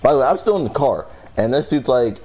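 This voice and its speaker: A man's voice: mid-range voice, expressive, fast, darkish tone, breathy edge. A young man casually telling a storytime vlog story, rambling and profane with lots of fillers. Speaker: vlogger.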